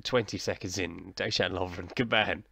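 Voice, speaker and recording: Male gaming commentator: low gravelly voice, dry close mic, chatty and self-mocking. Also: fairly even intonation, normal speed, bright, forceful tone, dry recording. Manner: chatty, self-deprecating, mock commentator, talking to himself. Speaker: gaming YouTuber. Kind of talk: casual let's-play commentary.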